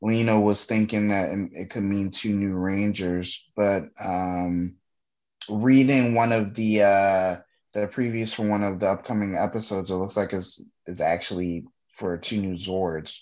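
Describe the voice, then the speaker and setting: A man's voice: low voice, steady tone, unhurried, a little mellow. A man co-hosting a podcast, chatting casually in an easygoing way and often murmuring agreement. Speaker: podcast co-host. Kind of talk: casual chat. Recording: dull lo-fi audio.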